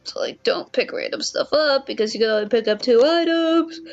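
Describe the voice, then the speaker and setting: Young woman, casual game chat, fillers, fairly high voice, dull lo-fi mic. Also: normal speed. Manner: chatty, lots of "like". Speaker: streamer.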